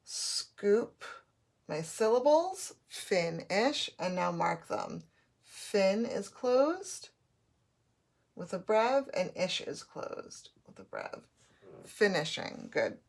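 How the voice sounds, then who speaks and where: A woman teacher giving a slow, patient phonics lesson to young children, spelling out letters as she goes. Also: medium pitch, very animated, creaky, a little mellow.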